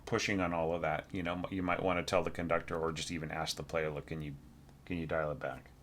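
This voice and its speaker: A man teaching orchestration, giving a relaxed spoken evaluation of a student's score while thinking aloud and humming phrases on nonsense syllables. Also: rumbling low, fast, a little hiss or hum.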